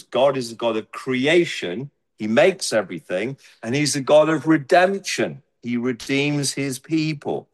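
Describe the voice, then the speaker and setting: A man preaching a sermon in a church, conversational and digressive, with personal asides and repeated phrases. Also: mid-range voice. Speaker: pastor.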